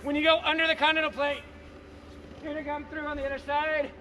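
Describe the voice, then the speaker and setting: A male science teacher giving a playful, energetic hands-on lesson outdoors in the snow, repeating key words. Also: very high voice, fast talker, slight background noise.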